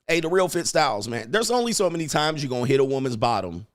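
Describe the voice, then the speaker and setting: A man's voice: medium pitch, big pitch swings, fast talker, few pauses, no room sound, clean studio sound. A man hosting a live stream as a dating coach, rambling crudely, reading viewer questions and putting on mock voices.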